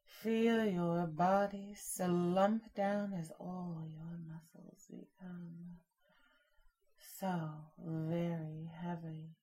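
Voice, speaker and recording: Very slow sultry female hypnotist. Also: lowish voice, level tone, mellow. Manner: sultry, drawn-out, repetitive hypnotic cadence.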